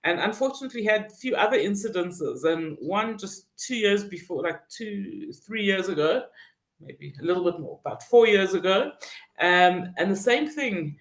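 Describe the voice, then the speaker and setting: A woman teaching a Psalm class who reads Hebrew phrases, translates them and often pauses to search for words. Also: medium pitch, expressive. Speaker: Torah teacher. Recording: roomy echo.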